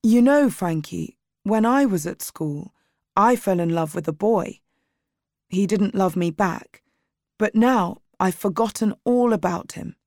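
Woman reader doing a soft kind male teacher, slow and dry. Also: medium pitch, lively intonation, no echo. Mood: gentle. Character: kind male school librarian, gentle and patient.

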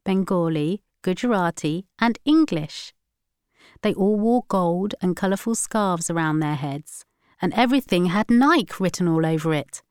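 A woman narrating a novel chapter in a measured, even reading. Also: on the low side, clean tone, no room sound, clean studio sound. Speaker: audiobook narrator. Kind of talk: scripted narration.

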